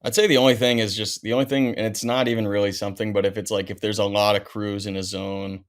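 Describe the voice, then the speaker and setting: A man's voice: fairly low pitch, little pitch movement, quick pace. A man in his thirties, a pro skier guesting on a podcast, telling stories in a laid-back way full of "like" and "dude.". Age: 30s. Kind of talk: casual storytelling chat.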